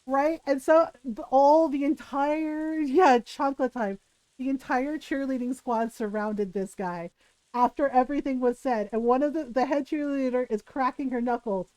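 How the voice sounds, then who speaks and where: High-voiced woman telling a story to her stream. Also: moderate pace, dry recording, low-quality recording. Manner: animated, laughing often, keeps asking "right?". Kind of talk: casual storytelling to a live chat.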